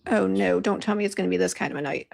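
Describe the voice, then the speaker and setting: Woman, middle-aged, casual livestream chat, home office desk, chatty, flustered, gravelly. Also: medium pitch, rapid-fire. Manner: chatty, easily flustered, talks to viewers directly. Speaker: skincare formulator hosting a live show.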